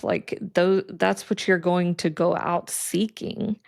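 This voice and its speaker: A woman co-hosting a podcast, talking in a slow, thoughtful, reflective way in casual chat. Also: lowish voice, fairly even intonation, creaky, no room sound, studio quality. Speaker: podcast co-host.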